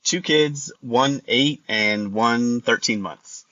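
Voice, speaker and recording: A man in his thirties calling in to a radio show, polite and halting. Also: mid-range voice, bright, forceful tone, dry recording, lo-fi sound. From Texas. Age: 30s. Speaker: caller. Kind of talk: phone call to a radio show.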